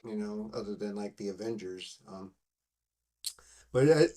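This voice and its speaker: A man's voice: fairly low pitch, a little slow, a crowd in the background. A man hosting a podcast, recapping a film in a rambling, casual way, swearing freely and using many fillers. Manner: rambling and profane, full of fillers. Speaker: podcast host.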